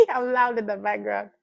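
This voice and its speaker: Woman, stream host, casual chatty delivery, teasing and quick to laugh. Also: a little high, very animated, creaky, a little mellow, lo-fi sound. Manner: laughs often, playful and teasing with chat. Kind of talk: casual live-stream chat.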